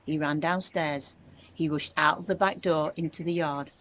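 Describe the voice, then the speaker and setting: A woman teacher reads a children's storybook aloud in a clear, expressive way. Her voice sits somewhat low for a woman. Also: moderate pace, slight background noise. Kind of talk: reading a children's book aloud.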